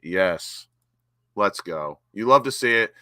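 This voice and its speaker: A young man from the United States hosting a live football watchalong, chatting casually and bursting into excited shouts when his team attacks. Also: fairly low pitch, slow, no echo, clean studio sound. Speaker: watchalong host. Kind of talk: live match watchalong commentary.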